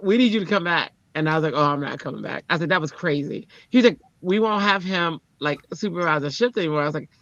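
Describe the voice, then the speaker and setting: A teacher tells a story in casual conversation, lively and animated, jumping suddenly in pitch as she mimics the people she quotes. She talks fast with few pauses, and the recording is dry, echo-free and slightly muffled, like a lo-fi streaming mic.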